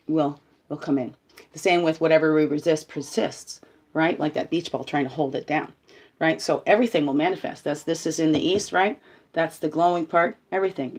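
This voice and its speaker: A middle-aged woman hosting a rambling, playful spiritual guidance talk, often laughing and asking "right?". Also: sits low.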